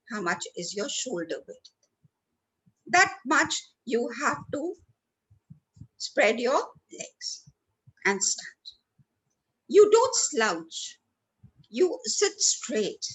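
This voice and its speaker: A woman's voice: fairly high pitch, sharp tone, low-quality recording. A woman leading a training workshop, stressing words for effect and speaking to listeners by name. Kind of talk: lively training talk. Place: lecture hall.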